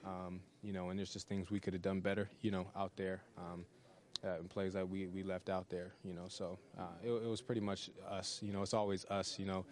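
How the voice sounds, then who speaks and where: A young male pro football player answering press questions in a relaxed way, full of "you know" fillers. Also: sits low, a little fast. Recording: crowd chatter behind.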